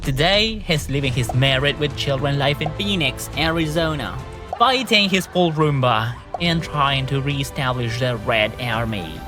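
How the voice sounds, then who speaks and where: Slow, teasing male narrator. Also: medium pitch, expressive, over music. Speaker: narrator of the intro. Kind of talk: scripted narration.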